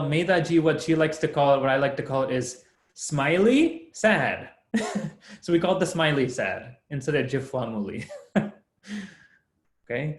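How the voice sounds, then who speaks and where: Over a video call, a young Sanskrit teacher with a slightly high voice for a man gives an online lesson at an unhurried pace. He patiently walks through each point step by step, laughing often, and the room has a clear echo.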